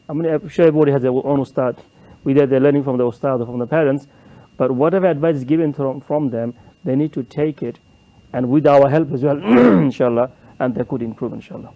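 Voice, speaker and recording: A man sitting as a judge on a studio panel, giving earnest, measured advice in simple phrasing. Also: medium pitch, muffled recording. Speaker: competition judge.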